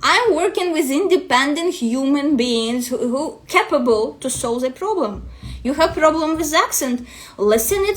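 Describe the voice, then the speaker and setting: A woman coach with a non-native English accent, ranting bluntly and profanely to her vlog audience. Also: sits high. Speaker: destiny matrix coach.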